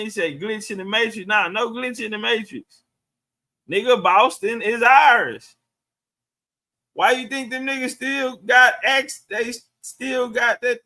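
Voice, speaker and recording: A man's voice: sits high, pushed and bright. A middle-aged man chatting loosely on a livestream, profane and answering viewer comments. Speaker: livestream host. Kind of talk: casual livestream chat.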